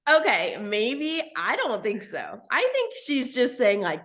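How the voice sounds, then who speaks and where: A woman from Texas co-hosting a podcast in casual chat, animated and quick to laugh. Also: on the high side. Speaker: podcast co-host.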